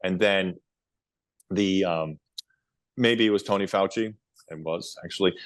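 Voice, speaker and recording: Brief: middle-aged male podcast guest, low voice, animated storyteller, dry close sound. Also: a little slow, dry recording. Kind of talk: casual interview storytelling.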